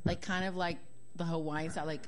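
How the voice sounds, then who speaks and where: A woman's voice: fairly low pitch, flat delivery, fairly quick. A woman co-hosting a casual chat, full of effusive, exclamatory reactions. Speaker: co-host.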